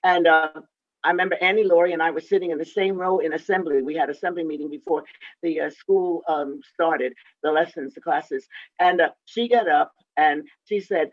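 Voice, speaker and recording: A woman in her eighties telling a story from her youth in a halting way, with many restarts and fillers. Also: low-pitched. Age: 80s. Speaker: interviewed composer and pianist. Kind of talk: reminiscing storytelling. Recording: dull, dry lo-fi sound.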